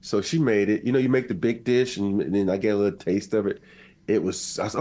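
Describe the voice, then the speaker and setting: A man co-hosting a podcast in casual chat, telling a story animatedly and acting out quotes. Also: fast talker. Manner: animated storyteller, acts out quotes with big pitch jumps. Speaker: podcast co-host.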